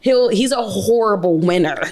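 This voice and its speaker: Podcast co-host lady in her 30s, chatty, does big high voices when she quotes people. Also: moderate pace, over a noisy crowd. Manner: animated storyteller, mimics voices with big pitch jumps. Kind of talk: casual chat.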